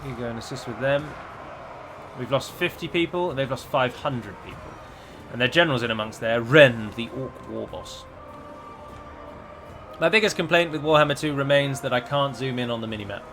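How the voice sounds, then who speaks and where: Guy narrating his strategy game, chatty and dry humored, bright punchy voice. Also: medium pitch, normal speed, faint music behind. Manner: chatty, wry asides to his own units. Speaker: gameplay commentator. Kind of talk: strategy game let's play commentary.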